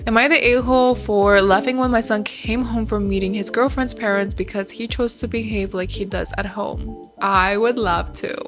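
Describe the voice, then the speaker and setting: A woman's voice: mid-range voice, fairly even intonation, normal speed, faint music behind. A woman hosting a reaction video, chatting casually, reading posts aloud and laughing often.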